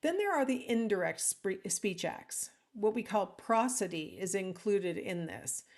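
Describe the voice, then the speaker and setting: In an unhurried, animated, slightly mellow mid-range voice, a woman instructor records a conversational lecture alone at home or in an office. Ums and asides to the listener come often, and she acts out sample lines with shifting intonation.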